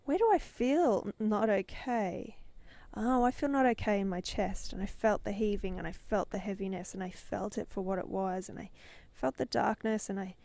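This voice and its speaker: On her podcast, a middle-aged business mentor tells a personal story that grows more intense, her voice swelling dramatically at the high points. She has a warm tone and medium pitch, speaking at a moderate pace. There's no echo.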